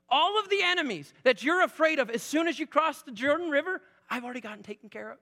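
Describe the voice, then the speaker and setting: A high-voiced, bright man in his forties preaches in a conversational, animated way, building to loud emphatic peaks. His voice rings out in a large church hall with a long reverb. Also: fast, few pauses. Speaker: pastor. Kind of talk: sermon. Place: church sanctuary.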